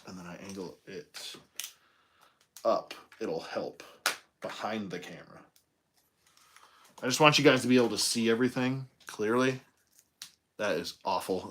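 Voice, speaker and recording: A man's voice: fairly low pitch, fairly bright tone, a little hiss or hum. Guy vlogging an unboxing at home, rambling storyteller, laughs a lot. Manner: rambling storyteller, laughs often, drawn-out pauses. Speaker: toy collector reviewer. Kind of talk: casual unboxing chat. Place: home room.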